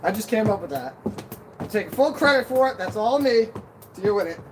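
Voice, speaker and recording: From an outdoor deck, a man live streams, chatting casually and cracking self-deprecating jokes, sometimes a little out of breath. His voice sits high, animated and a little fast. A camera on a stand picks up outdoor noise behind him, including birds and wind.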